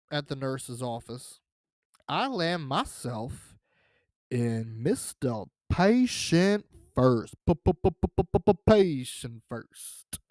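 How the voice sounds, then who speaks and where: Man, podcast host, comic storytelling, rambling, profane, unhurried, dry close sound. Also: fairly high pitch, no echo. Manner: rambling, profane, with many fillers and restarts.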